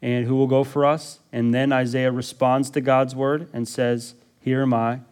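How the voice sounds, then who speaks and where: A man's voice: mid-range voice, level tone, normal speed, darkish tone, clean tone. A man preaching a sermon as pastor, emphatic and often prompting the congregation with "listen" and "okay". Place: church sanctuary.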